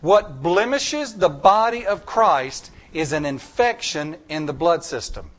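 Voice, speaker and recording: A man's voice: a little high, lively intonation, a little slow, a bit bright. A man preaching a sermon in a church, emphatic and repetitive, with folksy jokes.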